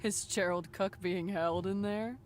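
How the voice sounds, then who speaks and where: A woman's voice: mid-range voice, steady tone, unhurried, a little mellow, slight background noise, close to an everyday voice. An actress voicing a sarcastic, teasing young woman in a video game. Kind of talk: game voice acting.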